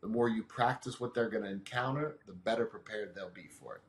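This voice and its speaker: Calm teaching man in a roomy space. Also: on the low side, brisk, a little hiss or hum. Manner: calm, teaching tone with practical examples. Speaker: emotional management expert guest. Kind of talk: explanatory interview answers. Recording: roomy echo.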